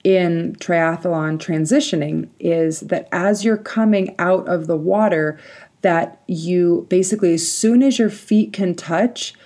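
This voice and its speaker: Young adult woman hosting a solo podcast, a mellow, lowish voice, casual and animated storytelling. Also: slow. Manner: lively personal storytelling with frequent likes and laughs. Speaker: podcast host.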